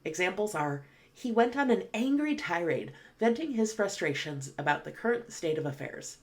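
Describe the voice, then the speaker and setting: A woman teaching an online English vocabulary lesson, explaining words patiently and reading example sentences slowly and clearly. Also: mid-range voice, lively intonation.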